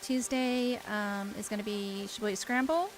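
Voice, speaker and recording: A woman's voice: medium pitch, steady tone, normal speed, soft background music. A woman streamer chatting casually while she plays, teasing her friend and swearing freely. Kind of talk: casual live-stream chat while gaming.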